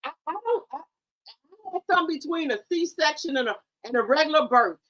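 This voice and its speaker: A woman streamer in a loud, confrontational, heavily profane livestream rant. She stammers and repeats herself and keeps firing rhetorical questions. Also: sits high, animated, moderate pace.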